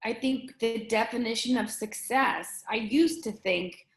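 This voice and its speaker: A middle-aged woman speaking earnestly and emotionally as an interview guest, often halting and restarting her sentences. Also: a little high, roomy sound. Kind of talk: candid conversation.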